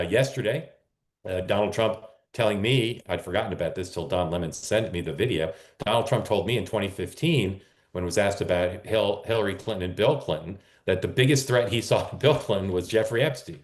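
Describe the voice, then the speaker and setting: Male talk host, very low voice, rambling and self-correcting, roomy echo. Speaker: political talk show host. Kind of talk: casual live-stream talk.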